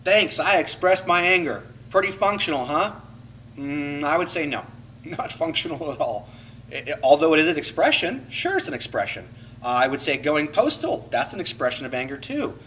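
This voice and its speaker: A man's voice: fairly high pitch, moderate pace, recorded from a distance, slight background noise, poor audio. A man coaching a class in a reflective teaching talk, acting out inner voices to make his points. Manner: animated, acts out inner voices to illustrate.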